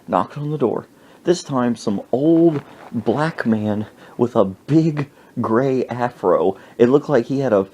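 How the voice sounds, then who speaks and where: A young man hosting a podcast, telling a rambling comic story with animated exaggeration. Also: medium pitch, slightly rough. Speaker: podcast host.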